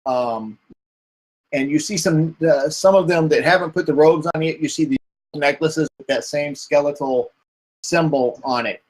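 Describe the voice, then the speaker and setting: A man's voice: a little high, normal speed, low-quality recording. A man narrating as game master in a hesitant way, with many fillers.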